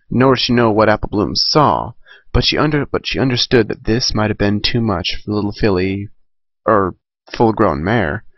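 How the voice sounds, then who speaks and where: A man's voice: fairly low pitch, dry recording, muffled recording. A man reading a fan story aloud in a casual way, correcting himself and adding chatty asides. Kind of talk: amateur fan fiction reading.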